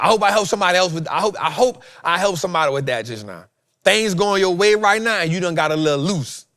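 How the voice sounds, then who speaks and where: Animated, preachy man with a dry, close sound. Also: fairly high pitch, no echo. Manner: animated, swings loud and soft, repeats phrases. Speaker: host. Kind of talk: preachy motivational talk.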